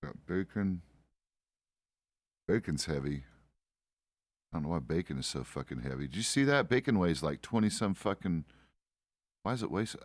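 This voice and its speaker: Middle-aged male streamer, low voice with lively pitch swings, profane and cranky, casual gaming chat. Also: a little slow, pauses often, dry recording. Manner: grumpy, profane, complaining. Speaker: game streamer.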